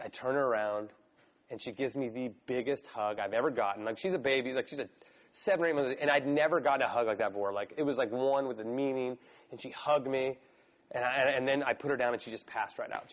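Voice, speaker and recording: Animated storytelling man, casual. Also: medium pitch, a little fast. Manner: animated, swears, lots of "like" and "right?". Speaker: guest, pro BMX rider.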